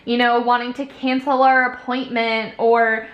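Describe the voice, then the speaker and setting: A woman's voice: a little high, flat delivery, a little slow, dull audio. A young woman giving a casual tarot reading, talking in a rambling, upbeat way full of fillers. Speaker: tarot reader. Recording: echoey room.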